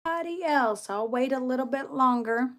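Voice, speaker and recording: A woman's voice: high voice, fairly quick, fairly bright tone. A woman tarot reader chatting casually on a livestream, often calling her viewers guys and checking in with okay. She sounds like she is talking into a phone held in her hand.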